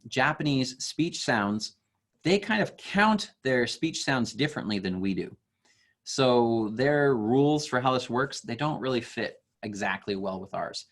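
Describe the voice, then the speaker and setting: Young guy teaching kids online, slow patient explaining, lots of ums. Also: medium pitch, fairly bright tone.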